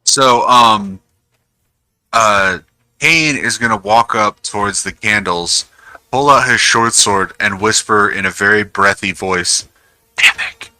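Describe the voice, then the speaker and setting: Man, low bright voice, tabletop player, halting casual speech, dry close sound. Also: no echo, poor audio. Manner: hesitant, halting.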